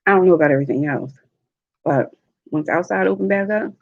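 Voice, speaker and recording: A woman, a mother, telling stories in a relaxed, chatty way while eating on a livestream vlog. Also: lowish voice, phone-quality sound. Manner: slow, chatty storytelling with laughs. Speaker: mukbang vlogger. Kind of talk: casual chat while eating. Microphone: livestream mic.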